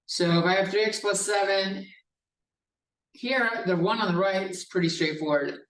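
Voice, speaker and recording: Casual high-voiced man lecturing in a classroom. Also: normal speed, fairly bright tone. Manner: casual and profane, explaining step by step. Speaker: math professor. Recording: echoey classroom from a distance.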